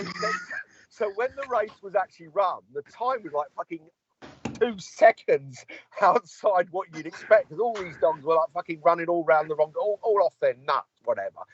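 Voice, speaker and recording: On a casual podcast, a male co-host spins a long, sweary anecdote and acts out the people he quotes. His voice sits high with a breathy edge, and the lo-fi recording sounds dull.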